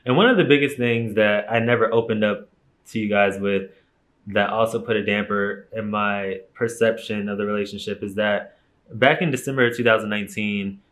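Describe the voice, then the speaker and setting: Low-voiced young man venting candidly. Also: a bit bright. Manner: candid, emphatic, swears freely. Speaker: YouTuber. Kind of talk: casual storytime vlog.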